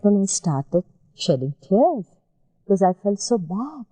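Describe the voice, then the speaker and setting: A woman from India, interviewed for an oral history, telling her memories in a gentle, measured way that repeats phrases. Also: medium pitch, big pitch swings, no echo, rough recording.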